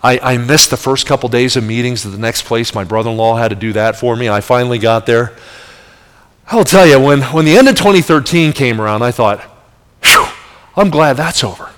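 A middle-aged man preaches a sermon, telling a story with lively swings and raising his voice for the punch lines. His voice trails off into the long reverb of a church sanctuary. He is from New Jersey and speaks with a mid-range pitch. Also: brisk. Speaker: traveling evangelist.

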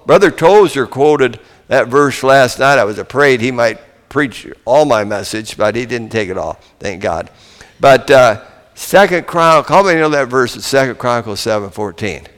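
An older man preaching a folksy sermon, telling stories and swinging between booming and hushed delivery. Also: long reverb tail.

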